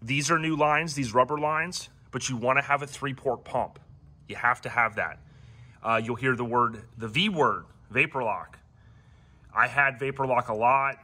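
Guy showing off his old car, bright voice, kinda rambly and laid back. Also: medium pitch. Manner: relaxed and rambling, many ums and restarts. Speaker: classic car owner and channel host. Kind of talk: casual how-to walkaround.

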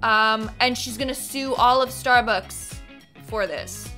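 A young woman hosting a casual reaction video, chatty and expressive, easily moved. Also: on the high side, a little slow, over music.

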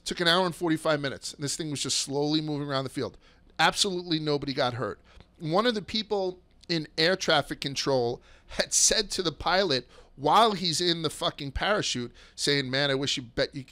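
A man hosting a podcast, telling stories in a casual, profane, excitable way that sometimes rushes and stumbles over his words. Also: fairly high pitch. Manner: rushes and restarts when excited. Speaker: podcast host. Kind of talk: casual storytelling chat.

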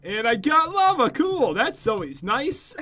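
A man's voice: very high-pitched, sing-song, unhurried, pushed and bright. A man co-hosting a game video, joking playfully with his partner. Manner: goofy, jokey, playing to his partner. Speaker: gaming channel co-host. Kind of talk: playful let's-play banter.

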